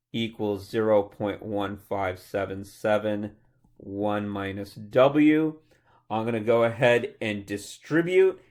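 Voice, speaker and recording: A man working through a chemistry problem step by step, talking aloud through each calculation as a tutor. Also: fairly low pitch. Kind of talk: worked-problem lecture.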